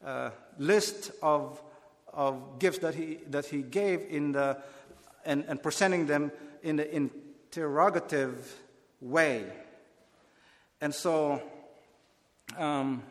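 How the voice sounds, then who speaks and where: Slow-speaking preacher man, hall reverb. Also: on the high side. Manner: earnest, explanatory, with frequent restarts. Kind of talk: Bible teaching sermon.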